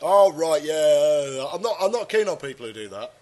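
A man's voice: fairly high pitch, big pitch swings, normal speed, darkish tone. A man co-hosting a podcast, joking around while suffering a head cold and sore throat. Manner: jokey, puts on silly voices, rambling. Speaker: podcast co-host. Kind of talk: joking casual chat.

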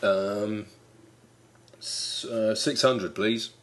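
A man's voice: on the low side, fairly even intonation, very slow, a bit bright, slight background noise. A man as a contestant in a comic podcast bit, dry and exasperated in his questions.

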